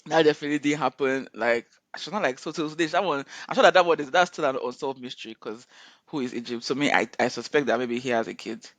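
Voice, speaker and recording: A man retelling a viral story in a casual, animated way, often quoting people and laughing. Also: mid-range voice, fast talker, no echo. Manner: animated retelling with frequent laughter and quoted voices. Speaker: co-host reviewing a viral video series.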